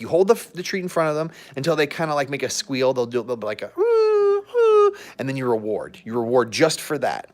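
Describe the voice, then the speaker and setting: A man vlogging from a hotel room with his dogs, chatty and digressive, joking and giving training tips. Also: medium pitch. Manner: chatty and digressive, jokes, laughs often. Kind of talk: casual vlog with dog training tips.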